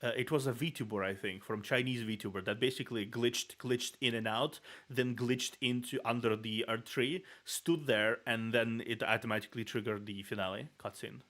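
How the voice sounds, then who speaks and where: A man's voice: medium pitch, fairly even intonation, moderate pace, few pauses, a bit bright. A man with a Russian accent and rolled R's, a native Russian speaker, streaming as a VTuber in rambling casual talk with frequent laughs and restarts.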